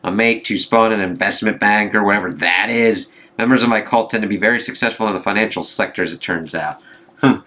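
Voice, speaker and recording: Brisk and on the low side, the man's voice sounds pushed and bright as he gives a loose, conversational review of a comic issue. Fillers and swearing run through his retelling, and he reads the quoted dialogue aloud, mostly in his usual voice.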